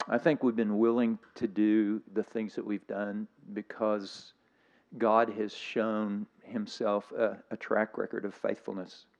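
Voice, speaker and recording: An older man delivers a sermon, reflective and a bit tearful, his voice sitting lowish in pitch. The recording sounds muffled and lo-fi, as if captured in a church. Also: a little mellow. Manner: reflective, emotional, slightly weepy. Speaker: guest preacher.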